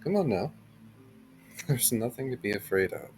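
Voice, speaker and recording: A man voicing his character in a tabletop game, speaking gently and coaxingly to another player's character. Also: mid-range voice, lively intonation, measured pace, soft background music. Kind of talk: in-character tabletop role-play.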